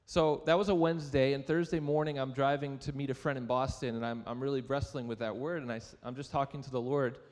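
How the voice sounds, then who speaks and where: A man's voice: mid-range voice, steady tone, quick pace, few pauses, a little mellow, in a large hall. A young adult man preaching a sermon, telling a personal story in a conversational, self-deprecating way and asking the audience questions. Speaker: pastor. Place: church sanctuary.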